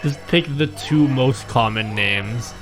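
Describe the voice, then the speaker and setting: A man's voice: mid-range voice, takes it slowly, over music. A man streaming live, chatting casually, reading chat aloud and joking with viewers.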